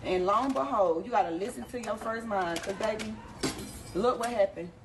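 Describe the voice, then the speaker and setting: A woman telling a personal story in a casual, animated, slangy way, addressing her listeners directly. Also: mid-range voice, normal speed. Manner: animated, slangy, talks straight to the audience. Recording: background noise under the voice.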